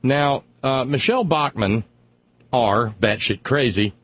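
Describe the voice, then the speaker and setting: A man with a husky, slightly breathy voice hosts a radio talk show. He rambles sardonically through political commentary, stammering on repeated words when he gets fired up. The sound is dry and a bit dull. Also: mid-range voice, slow pace, no echo.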